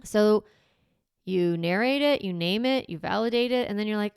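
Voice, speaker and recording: A woman host coaching parents in a relaxed podcast chat. Her mid-pitched voice carries a touch of vocal fry. She bounces into little role-played lines to a child, recorded close and dry with no room sound. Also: normal speed, dry recording. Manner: animated, acts out what she would say to a child.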